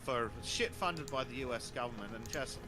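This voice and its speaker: A man's voice: mid-range voice, normal speed. A man chatting casually while gaming, blunt and sweary, laughing often. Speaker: podcast guest. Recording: background music under the voice.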